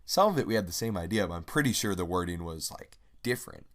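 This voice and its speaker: A man's voice: deep voice, lively intonation, quick pace. A young man vlogging, telling a personal story in a rambling, exasperated way with lots of filler words. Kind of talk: casual storytelling.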